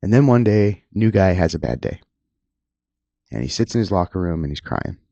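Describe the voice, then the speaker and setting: A middle-aged man, a police officer, talking earnestly and emotionally about the job, halting and restarting at times. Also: sits low, lively intonation, creaky, warm tone, no echo, highs cut off. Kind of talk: candid personal talk.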